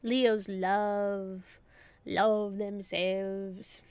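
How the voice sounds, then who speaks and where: A woman streamer commenting on a game as she plays, excitable and quick to laugh and swear. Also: medium pitch, smooth, dry recording.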